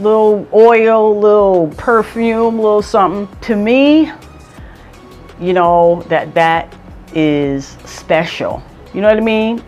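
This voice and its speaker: A woman vlogger giving casual advice, talking emphatically and repeating points for stress. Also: fairly low pitch.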